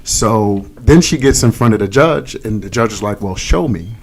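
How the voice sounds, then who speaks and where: A man's voice: fairly low pitch, moderate pace, darkish tone. A man, cohosting a casual podcast chat and telling a court story, cursing freely and acting out quotes. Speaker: podcast co-host.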